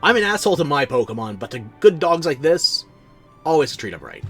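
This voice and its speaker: A man's voice: fairly high pitch, sing-song, a little fast, fairly bright tone, breathy edge, faint music behind. A man streaming a game, tired and yawning, with sleepy sarcastic asides to the characters on screen. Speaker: streamer playing a video game. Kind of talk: casual let's-play commentary.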